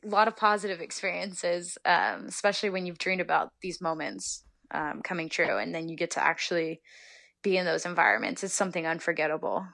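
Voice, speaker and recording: A young woman from Northern California, a soccer player, chatting as a guest in an interview and retelling stories in a lively, giggly way. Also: on the low side, a little fast, creaky, no room sound. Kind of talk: casual interview storytelling.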